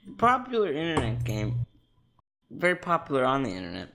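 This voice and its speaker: A man's voice: medium pitch, wildly swooping pitch, brisk, gravelly, sharp tone. A teenage boy co-hosting a goofy amateur podcast, rambling and joking through his lines. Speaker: podcast co-host.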